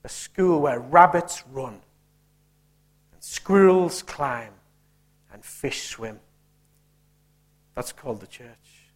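Male preacher, slightly high voice, rhetorical and emphatic sermon delivery. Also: lively intonation, slow, long pauses. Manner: emphatic, punchy, rhetorical questions.

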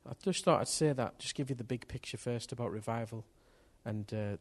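A man preaching a sermon to a congregation, impassioned and building to loud bursts. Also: mid-range voice, fairly quick. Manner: impassioned, rising to loud outbursts. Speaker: pastor. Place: church hall with congregation.

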